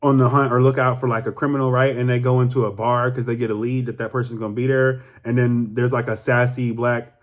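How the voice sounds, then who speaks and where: A young man talks straight to his camera. He rambles casually, swears freely and leans on fillers, getting animated as he goes. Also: mid-range voice, fast, hardly any pauses. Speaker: YouTuber. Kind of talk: casual vlog monologue.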